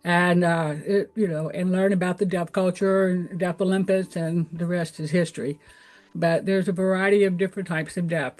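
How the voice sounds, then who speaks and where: A woman's voice: on the low side, steady tone, moderate pace, darkish tone. A middle-aged woman with a Southern accent, speaking as a guest in an interview. She tells her story in an earnest, candid way, peppered with fillers. A faint bed of music sits behind her voice. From Tennessee. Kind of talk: interview answers.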